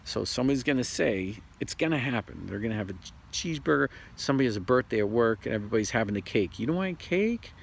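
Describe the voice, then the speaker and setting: A man giving a rambling, casual spiritual talk outdoors, repeating himself and slipping into quick voices for other people. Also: fairly low pitch, gravelly, slightly rough. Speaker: spiritual video host. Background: outdoor ambience, traffic and birds.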